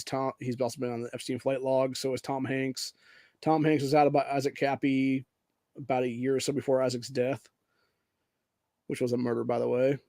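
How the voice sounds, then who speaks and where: Profane ranting man, dark dry voice. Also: medium pitch, dry recording. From Ohio, USA. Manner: profane, angry, says "dude" often. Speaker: podcast host. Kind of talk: casual political rant.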